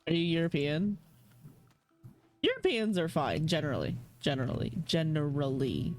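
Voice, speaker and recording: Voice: mid-range voice, very animated, normal speed. A young adult streamer giving casual live commentary while playing and chatting with viewers, swearing freely, laughing often and rambling in a jokey way. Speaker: game streamer. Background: faint game music.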